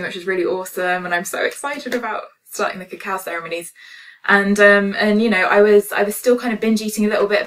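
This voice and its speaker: A woman's voice: medium pitch, fairly bright tone, recorded from a distance. A woman telling a personal story as a spiritual healing vlogger, earnest and emotional with many fillers. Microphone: phone camera.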